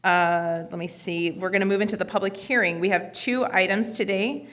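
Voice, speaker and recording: A woman's voice: medium pitch, fairly even intonation, moderate pace, a bit bright. A woman mayor chairing a city council meeting in a casual, procedural way. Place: council chamber.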